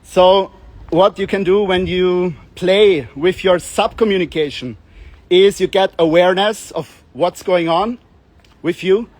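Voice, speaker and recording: A young man with a high voice, recorded with no room sound, talks a little slowly as a self-development coach. His casual monologue rambles and jokes, and he often acts out the voices of the people he describes in playful demonstrations.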